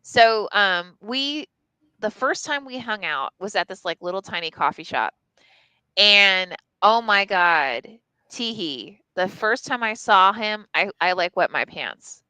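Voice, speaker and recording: A woman's voice: medium pitch, animated, a little slow, pushed and bright, clean tone, dry recording, rough recording. A woman telling a candid personal story on a live stream, casual and profane, full of "like" and restarts. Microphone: live stream mic.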